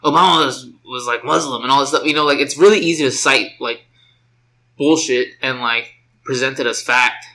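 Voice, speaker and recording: Casting note: man, bright and sharp tone, relaxed rambler full of "um" and "like". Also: medium pitch, normal speed, poor audio. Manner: rambling, filler-heavy, relaxed. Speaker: podcast co-host. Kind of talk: casual chat. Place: sister's house.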